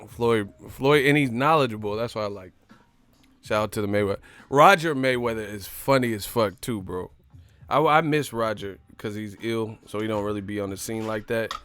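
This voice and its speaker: A man's voice: lowish voice, moderate pace, fairly bright tone, clean tone, no room sound. A man hosting a casual live stream, talking in a loose, slangy, profane way and laughing as he tells stories. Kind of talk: casual boxing talk.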